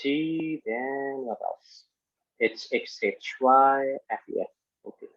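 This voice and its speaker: A man lecturing on engineering statics in halting speech full of fillers and restarts, working through a problem step by step. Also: medium pitch, fairly bright tone, no room sound. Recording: muffled lo-fi audio.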